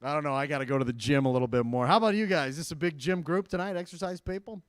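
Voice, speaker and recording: Stand-up comic, man, high and bouncy, dry close sound, self-mocking. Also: very fast, no echo. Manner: self-deprecating, animated storytelling. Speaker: stand-up comedian. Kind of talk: stand-up comedy set. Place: school gym.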